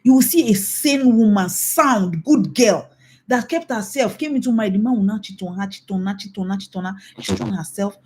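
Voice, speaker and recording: A woman's voice: mid-range voice, brisk, darkish tone. A middle-aged Nigerian woman pastor giving a mentoring talk, emphatic and scolding, repeating her warnings. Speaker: pastor and infidelity recovery coach.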